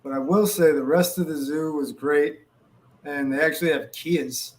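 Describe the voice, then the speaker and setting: A man's voice: fairly high pitch, fairly even intonation, moderate pace. Knowledgeable man in casual chat. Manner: detailed and knowledgeable, uses Latin species names. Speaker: podcast co-host.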